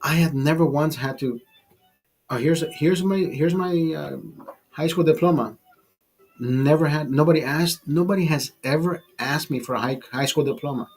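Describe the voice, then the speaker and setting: A man's voice: on the high side, normal speed, a little mellow, slightly rough, soft background music. A man of fifty ranting in a casual monologue, blunt and profane, often restarting and repeating his words. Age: 50s. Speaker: vlogger.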